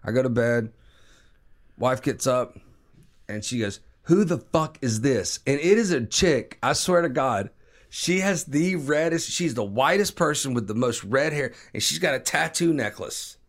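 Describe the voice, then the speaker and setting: A man's voice: mid-range voice, measured pace. A man in his forties, a podcast host, casually telling a long profane story and acting out other people's lines. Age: 40s. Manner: animated, profane, mimics voices in quotes.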